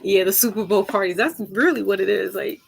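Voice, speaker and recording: A woman tarot reader chatting casually with her viewers, rambling from topic to topic, laughing easily and jumping up high for emphasis. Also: a little fast, vocal fry, a little hiss or hum. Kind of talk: casual chat with viewers before a reading.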